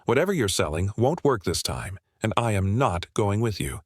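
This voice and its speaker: A man's voice: lowish voice, sing-song, moderate pace, breathy edge, dry recording. A man reading the lines of a suspicious village boy in a mumbling, sullen way, close to his own voice.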